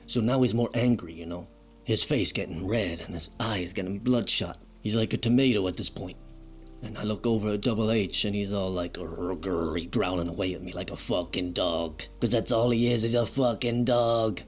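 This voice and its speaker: A man's voice: on the low side, normal speed, soft background music, natural voice. A man playing a crude, bitter fired wrestler who rambles and swears in a comedic monologue. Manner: foul-mouthed, rambling, self-pitying.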